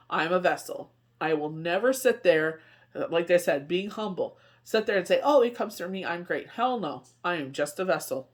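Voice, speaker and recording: A woman talks through a tarot spread in a loose, conversational way. She rambles from card to card and fills her speech with asides and fillers. Her comes through plainly. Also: lowish voice. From Canada. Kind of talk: casual spoken tarot reading.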